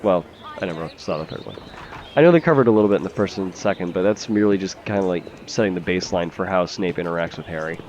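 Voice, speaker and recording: A man's voice: low voice, dull audio, noisy background. A man giving casual, chatty gameplay commentary as a let's play host, swearing freely and laughing easily.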